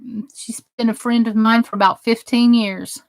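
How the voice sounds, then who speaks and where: A woman's voice: fairly high pitch, fairly even intonation, moderate pace, vocal fry, no echo. A woman from New Jersey hosting a crafting livestream, chatting casually and greeting viewers by name as she works. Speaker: crafting channel host.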